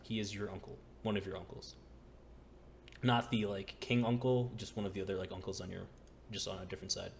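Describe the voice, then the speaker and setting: A man's voice: sits low, steady tone, brisk, gravelly, a little hiss or hum. A man narrating a tabletop game as dungeon master, laid-back with lots of fillers.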